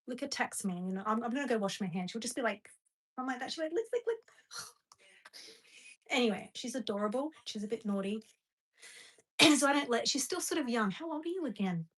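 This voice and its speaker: Australian woman streaming from home; loose, rambling chatter with asides to a dog, voice on the higher side. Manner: rambling, chatty, talks to a dog between remarks. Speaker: livestreamer. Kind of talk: casual livestream chat.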